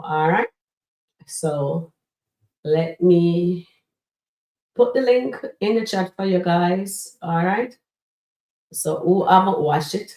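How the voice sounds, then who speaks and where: A woman's voice: on the low side, warm tone, far from the mic. Chatty woman streamer in an echoey room. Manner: chatty, addresses chat as guys, frequent fillers. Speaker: livestream show host reviewing comedy skits. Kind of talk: casual live-stream commentary. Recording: roomy echo, voice set back from mic.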